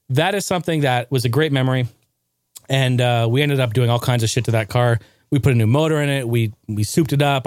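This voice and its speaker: A man hosting a podcast, telling a long personal story in a rambling, animated way, swearing casually, with lots of fillers and restarts. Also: a little high, dry recording, clean studio sound. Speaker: podcast host.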